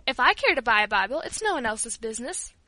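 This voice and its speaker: A woman's voice: on the high side, sing-song, fast, bright, forceful tone, dry recording, heavily acted, rough recording. A woman doing a blunt old servant woman. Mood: emphatic. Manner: emphatic, exclaiming.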